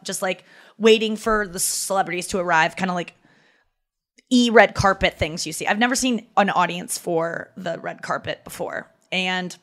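A woman hosting a podcast, telling a story in a chatty, animated way, full of "like" fillers and wry self-mockery. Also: mid-range voice. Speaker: podcast host. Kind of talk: casual comedic storytelling.

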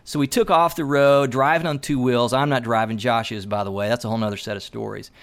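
A man's voice: medium pitch, fast talker. A man, a landscape photographer, telling a story in a casual chat, loose and chatty with lots of fillers, acting out what people said. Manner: animated storyteller who acts out dialogue.

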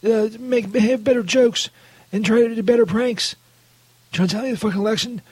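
A man doing a whiny, profane saint, squeaky high voice. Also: steady tone, a little fast, a little mellow, husky, dry recording. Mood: indignant. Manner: whiny, profane, keeps saying "Jesus". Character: crude irritable man playing a saint, who calls everything bullshit.

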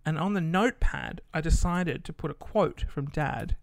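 A man's voice: a little high, moderate pace, dry recording, studio quality. An Australian man rambling through a casual story, swearing now and then and full of fillers.

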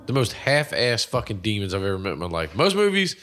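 Man, co-host on a casual movie podcast, bright edge to the voice, heavy swearing, animated. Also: fairly low pitch, fast talker. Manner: animated, swears constantly, acts out quoted characters. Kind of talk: casual profane chat.

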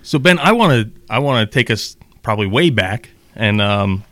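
A man's voice: lowish voice, lively intonation, normal speed, bright, forceful tone, no room sound. Guy host, friendly questions, some ums, dry close mic. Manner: friendly, asks questions with hesitations. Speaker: podcast host. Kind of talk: casual interview.

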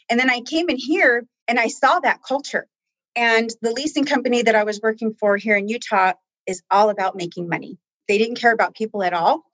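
A woman in a conversational interview, speaking earnestly and with deep feeling about the people she helps. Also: a bit bright, dry recording, rough recording. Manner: heartfelt, tearful at times, earnest. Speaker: staff member guest.

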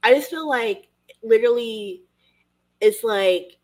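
A woman's voice: on the high side, lively intonation, slow pace, darkish tone. Gushing woman podcast host. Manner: gushing, emotional, heavy filler "like". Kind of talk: casual interview chat.

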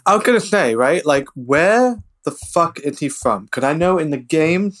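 A man's voice: fairly high pitch, animated, normal speed, fairly bright tone. A man co-hosting a film podcast, cracking wry, swearing jokes in casual chat. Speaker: podcast co-host.

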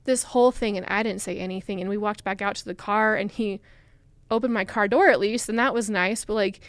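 A young woman recounts her story as a guest, chatty and full of "like" fillers. Her voice is smooth and clear, with a middle pitch. The sound is dry and close, with no room in it. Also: fairly even intonation, a little fast, dry recording. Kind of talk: casual storytelling.

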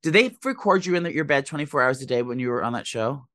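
A man with a New Jersey accent co-hosting a podcast, chatting casually in a fast, rambling way with swearing. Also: mid-range voice, expressive, fairly bright tone, no room sound. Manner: fast, rambling, swearing, acts out voices in stories. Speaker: podcast co-host. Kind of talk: casual chat.

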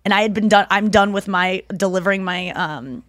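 A woman's voice: medium pitch, brisk, no echo. Woman podcast host, chatty storyteller, dry close sound, voices her quotes. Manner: animated storyteller, acts out quotes; swears freely. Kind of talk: casual chat.

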